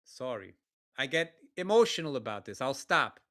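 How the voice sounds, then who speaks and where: A man's voice: medium pitch, big pitch swings, normal speed, fairly bright tone. A man co-hosting a talk show, ranting bluntly and cursing as he gives heated political commentary. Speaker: podcast co-host.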